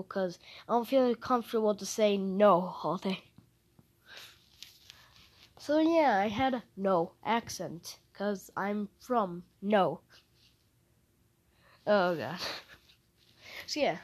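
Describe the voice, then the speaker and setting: A young woman talks alone into her podcast mic, speaking slowly. She rambles in a casual way, hesitates and often breaks off her sentences. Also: mid-range voice, lively intonation, a little mellow. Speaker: podcast host. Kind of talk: casual solo podcast chat.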